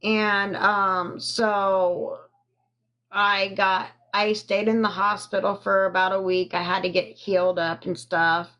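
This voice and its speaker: Slow, halting woman telling her story. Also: medium pitch, little pitch movement, a bit bright, dull audio. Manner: slow and halting, many pauses and fillers. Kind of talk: personal story told on a live stream, thanking viewers. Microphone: phone.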